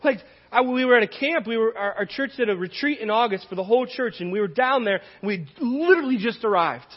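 A man's voice: very high-pitched, quick pace, long reverb tail, lo-fi sound. A man preaching a sermon as a pastor, telling stories earnestly and acting out dialogue.

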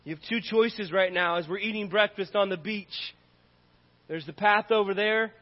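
A man's voice: sits high, moderate pace. A man preaching a sermon as pastor, earnest and repetitive in his cadence. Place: church sanctuary. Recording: dull audio in a reverberant hall.

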